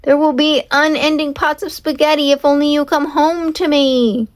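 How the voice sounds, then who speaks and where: A woman voicing a high, pleading little cowboy man. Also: very animated, measured pace, a bit bright, full character voice. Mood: desperate shouting. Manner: high, pleading, dramatic calls. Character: lovelorn little male would-be cowboy.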